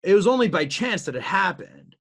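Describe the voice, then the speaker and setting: A high-pitched man talking fairly quickly shares his story as a guest entrepreneur in an interview. His delivery is animated and motivational, rising to emphatic peaks, and he often repeats words and restarts sentences.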